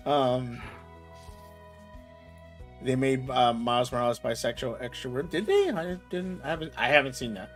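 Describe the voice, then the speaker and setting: A man in his thirties, host of a casual chat show, talking loosely and getting loud and worked up when he rants. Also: mid-range voice, unhurried, faint music behind. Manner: animated, gets loud and excited when ranting. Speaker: podcast host.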